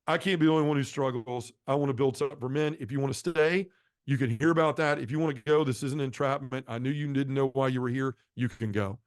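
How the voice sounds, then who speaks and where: A man's voice: no room sound, clean studio sound. Impassioned middle-aged man giving testimony. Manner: earnest and impassioned, shifting pitch and volume. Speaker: guest sharing a conversion testimony. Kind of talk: emotional testimony storytelling.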